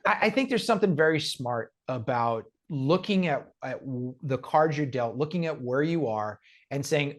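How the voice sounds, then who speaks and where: A man co-hosting a casual motorsport podcast who speaks in a measured, explanatory way. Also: mid-range voice, animated. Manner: measured, thoughtful, explains at length. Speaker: podcast co-host. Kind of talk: casual chat.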